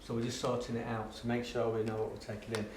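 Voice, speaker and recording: A man's voice: medium pitch, quick pace, a little hiss or hum. A middle-aged man telling classroom stories to an audience, laughing often and acting out his pupils. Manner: animated storyteller, laughs often, acts out voices of pupils. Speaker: education speaker and guest. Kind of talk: lively anecdotal talk to an audience. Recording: roomy and distant with faint ambience.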